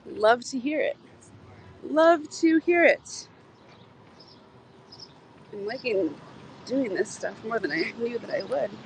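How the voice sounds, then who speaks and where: A woman livestreams casually from a community garden, rambling, laughing and swearing as she chats. Her voice is on the high side and gravelly, at a normal speed, and the low-quality recording picks up faint outdoor noise.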